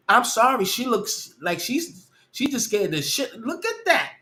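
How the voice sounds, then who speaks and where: A man hosts a live reaction stream. He talks in a slow, unhurried drawl that suddenly jumps into loud, shocked yelps and curses. His pitch swings widely between low mutters and high cries. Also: sing-song. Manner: loud shocked outbursts, heavy cursing. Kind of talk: casual reaction commentary.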